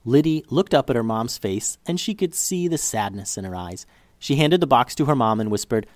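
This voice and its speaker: A man reading a children's story aloud as storyteller, in an expressive way. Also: mid-range voice, normal speed, no echo.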